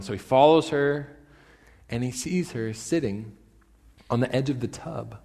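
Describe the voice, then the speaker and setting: A man preaching a sermon in a church sanctuary, his voice sitting at an ordinary middle pitch. He tells stories with animated emphasis that rises to strong peaks. His words ring out with a long reverb in the church hall. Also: moderate pace. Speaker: pastor.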